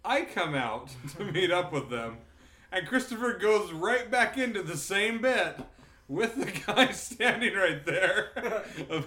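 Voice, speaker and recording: A man's voice: high voice, very animated, slow, sharp tone, reverberant. A man telling teasing stories about a friend in casual chat, laughing often. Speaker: friend on a trip.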